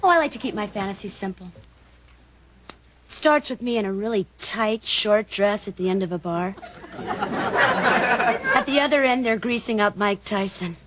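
An actress playing a prim, sharp-tongued sitcom neighbor with a crisp, sarcastic delivery. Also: female voice, medium pitch, expressive, unhurried, long pauses, a loud crowd, heavy background noise, lightly acted. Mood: dramatic. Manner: crisp, sarcastic, dramatic storytelling. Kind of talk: sitcom acting. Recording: loud studio audience laughter.

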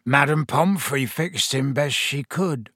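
Man reading a hulking, gloomy gamekeeper, thick-tongued and slow, for a storybook. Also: sits high, big pitch swings, creaky, no room sound, studio quality, pitched above the performer's own voice, heavily acted. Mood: miserable. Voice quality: growling, thick-voiced. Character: huge gruff half-giant gamekeeper, drunk and miserable.

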